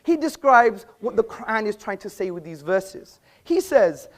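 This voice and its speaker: A man's voice: sits high, sing-song, measured pace. A man giving a formal debate speech in an auditorium, combative and pointed, quoting sources at length. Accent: British. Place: auditorium with an audience.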